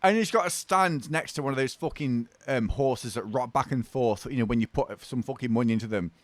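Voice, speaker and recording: A man's voice: medium pitch, fairly quick, no room sound. A British man hosting a reaction video, mocking and swearing in an exasperated rant.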